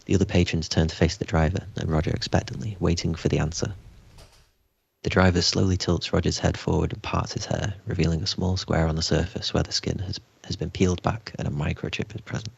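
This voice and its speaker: A man reading stage directions aloud at a live script read, steady and dry. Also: sits low, fairly quick, vocal fry, slightly rough, no echo, muffled recording. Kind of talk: script table read narration.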